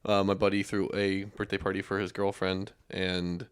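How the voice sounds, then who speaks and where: A man's voice: sits low, monotone, normal speed, clean tone. A young man, a podcast guest, telling stories in a rambling, casual way with many restarts. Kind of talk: casual chat.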